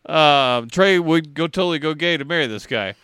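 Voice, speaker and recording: A man chatting casually as a podcast co-host, with a bright, forceful voice. His pitch swings widely as he tells stories, laughs and swears freely. The sound is dry and close, with no room echo. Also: expressive, moderate pace, clear, resonant tone. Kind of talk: casual chat.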